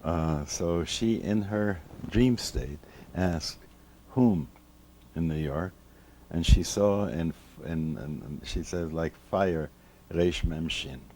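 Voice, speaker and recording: A rabbi in his seventies tells an old memory in a very low, mellow voice. He speaks slowly and reflectively, often stopping to restart a phrase. He is being interviewed in his home library, with a faint hiss in the background. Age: 70s. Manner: slow, reflective, with many restarts and repeated words. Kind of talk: reminiscing storytelling in an interview.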